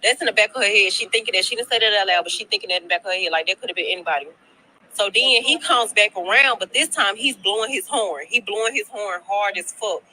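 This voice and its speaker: Woman spinning a gossipy storytime, chatty and cursing, with a piercing bright tone. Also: mid-range voice, quick pace, slight background noise, rough recording. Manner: chatty, slangy and profane, repeats herself. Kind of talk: casual storytime to followers. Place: at her workplace.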